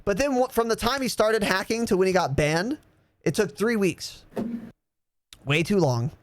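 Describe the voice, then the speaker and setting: A young man in his twenties hosting a podcast, telling a story in a loose, animated way, swearing and laughing as he goes. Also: high-pitched, normal speed, a little hiss or hum. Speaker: podcast host. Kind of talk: casual storytelling.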